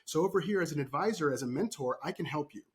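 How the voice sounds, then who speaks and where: A man who works as a performance coach, a podcast guest who tells animated stories and keeps checking in with "right?". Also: a little high, fast. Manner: animated storytelling, frequent "right?" tags. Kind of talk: podcast interview.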